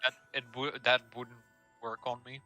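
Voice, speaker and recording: A man's voice: mid-range voice, flat delivery, bright, forceful tone, soft background music. A young man playing a tabletop game, talking hesitantly. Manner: hesitant, unhurried. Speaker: player. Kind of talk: casual game chat.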